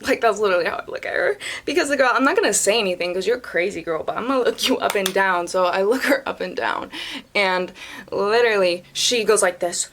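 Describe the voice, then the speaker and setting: Young woman vlogger, chatty storytime delivery, filler-heavy and animated, mid pitch. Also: fast talker. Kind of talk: casual storytime chat.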